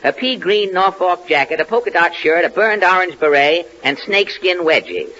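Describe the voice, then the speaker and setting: Wisecracking radio comedy host, hemming and hawing. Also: male voice, high voice, expressive. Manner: halting, full of "uh" fillers, wisecracking. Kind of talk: 1940s radio comedy sketch. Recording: muffled old radio broadcast with loud audience and hiss. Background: loud studio audience.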